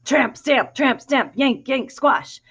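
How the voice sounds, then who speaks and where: A woman reading a picture book aloud to a child in an animated, expressive way, pausing to ask questions. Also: high-pitched, slightly rough. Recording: dull lo-fi recording.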